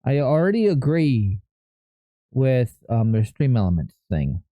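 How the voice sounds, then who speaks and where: A streamer talks through what they are doing in a loose, rambling way and keeps correcting themself mid-sentence. The pitch swings up and down a lot, while the words come out slowly. The desk mic sounds dry and a little dull. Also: sing-song, no room sound. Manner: rambling, thinking aloud, self-correcting. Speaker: live streamer. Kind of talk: casual live-stream chat.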